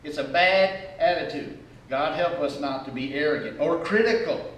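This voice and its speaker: A male pastor preaching a sermon, animated and humorous, acting out the attitudes he describes. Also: a little high, normal speed. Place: church sanctuary. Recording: echoey church hall from far off.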